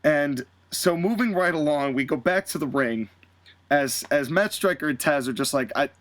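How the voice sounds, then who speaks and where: Animated rambling podcast host man. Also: fairly high pitch, moderate pace, dry recording. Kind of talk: fantasy-booking storytelling chat.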